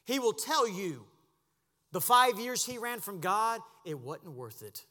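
A man preaching a sermon as pastor, impassioned, dropping to a hush and then rising to a shout. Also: high voice, big pitch swings, measured pace, in a large hall. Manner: impassioned, swings from hushed to shouting. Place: church sanctuary.

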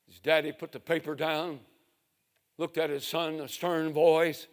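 A man preaching a sermon, telling a story in a slow, dramatic way. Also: on the high side, little pitch movement. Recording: reverberant hall.

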